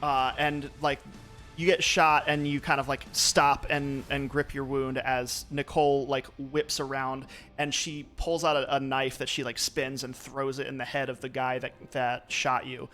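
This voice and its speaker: A man's voice: medium pitch, flat delivery, unhurried, sharp tone, faint music behind. Young man running a tabletop game. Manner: loose, lots of um and like fillers. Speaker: game master.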